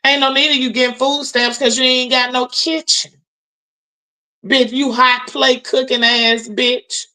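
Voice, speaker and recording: A woman's voice: high voice, pushed and bright, rough recording. A woman hosting a live stream, ranting in a brash, profane, mocking way as she calls people out. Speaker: livestream host.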